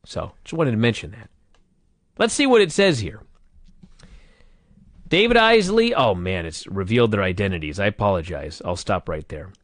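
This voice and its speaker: A man co-hosting a podcast, chatting about old wrestling in a jokey, animated way. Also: on the low side, moderate pace, pauses often, no echo. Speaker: podcast co-host. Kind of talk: casual wrestling review chat.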